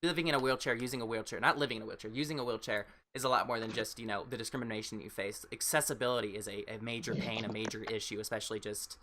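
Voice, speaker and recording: A man's voice: on the low side, fairly even intonation, very fast, few pauses, sharp tone, a little hiss or hum. A man hosting a live stream, chatting with viewers and asking his guest questions while playing a game. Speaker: livestream host.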